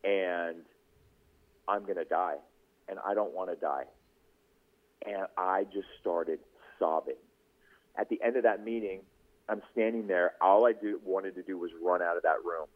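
A man's voice: low voice, measured pace, pauses often. A man, a podcast host and news anchor, telling his story as a guest in a casual radio interview, acting out the people he quotes. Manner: animated storyteller who acts out quoted voices. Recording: tinny phone-line radio audio.

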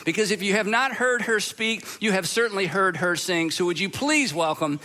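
A male pastor opens a sermon series in a church auditorium. His voice sits high and bright for a man. He talks casually and conversationally, with frequent fillers. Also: moderate pace. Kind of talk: sermon introduction.

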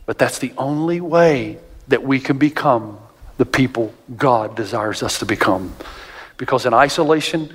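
A male pastor preaching a sermon, animated and storytelling, often jumping up in pitch to act out other people's voices, in a large church auditorium. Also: moderate pace, husky. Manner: animated storytelling, jumps high for quoted voices. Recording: long reverb of a large hall.

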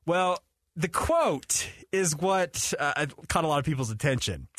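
A man hosting a sports radio show in a studio, bantering casually with animated, chuckling rants. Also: a little high, measured pace, dry recording.

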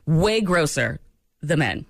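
A woman co-hosting a radio show in casual banter, animated and giggly, with sudden squeals. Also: sits low, slow pace, creaky, no echo, studio quality. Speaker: radio host.

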